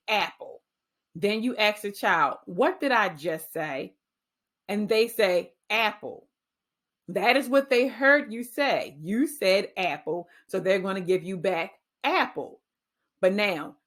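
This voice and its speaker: A woman teacher giving a reading-skills training talk, patiently sounding out letter sounds. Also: mid-range voice. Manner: clear, patient, sounding out phonemes slowly.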